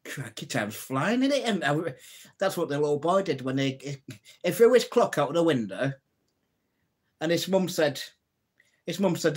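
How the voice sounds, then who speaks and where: A man's voice: a little high, sing-song, normal speed, long pauses, slightly rough. A man hosting a casual live stream, telling old jokes, reading out viewer comments and laughing at his own punchlines. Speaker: livestream host.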